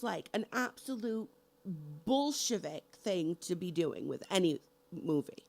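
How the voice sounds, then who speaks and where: A woman's voice: on the low side, lively intonation, a little slow, gravelly, a little mellow. A middle-aged woman vlogging a heated, profane rant about horror movies, hammering each point with emphasis. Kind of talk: angry movie rant to camera.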